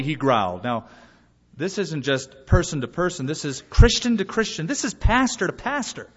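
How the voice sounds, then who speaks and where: A male pastor delivers a sermon with a husky, fairly high voice that swings widely in pitch. He acts out short bits of dialogue as he preaches. The recording is muffled, and his voice carries a long hall reverb. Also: normal speed. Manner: lively preaching, acting out dialogue. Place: church sanctuary.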